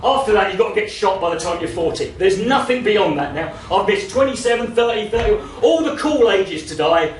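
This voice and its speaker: A man in his thirties doing a live stand-up set, brash and profane, breaking into shouts. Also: high voice, animated, a little fast, hardly any pauses, recorded from a distance, a little hiss or hum. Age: 30s. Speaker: stand-up comedian. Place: comedy venue in front of a laughing audience. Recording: roomy live venue sound, voice off-mic at times.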